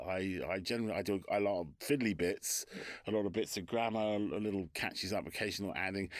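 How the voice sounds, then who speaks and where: A male author with a North London accent, chatting in an interview in a chatty, self-deprecating way with quick asides. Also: on the low side, no room sound, clean studio sound. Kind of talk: casual interview chat.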